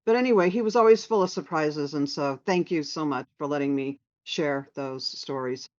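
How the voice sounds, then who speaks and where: A woman telling a personal anecdote in a casual, animated way, acting out what others said. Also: sits low, moderate pace. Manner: animated, quoting others in lively voices. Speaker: storyteller sharing memories. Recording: dull lo-fi sound.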